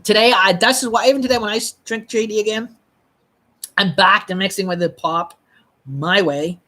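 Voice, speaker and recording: A live streamer tells a personal story, rambling and halting, restarting often and swearing bluntly. The voice is mid-range, with a steady delivery and a sharp tone.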